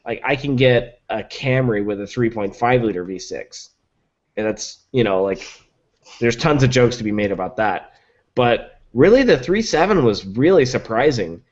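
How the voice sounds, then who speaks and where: A man's voice: medium pitch, animated, moderate pace, darkish tone, highs cut off. A man talking in a casual podcast chat as a guest reviewer, enthusiastic and filling his talk with likes and ums. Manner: enthusiastic, rattles off specs with many likes and ums.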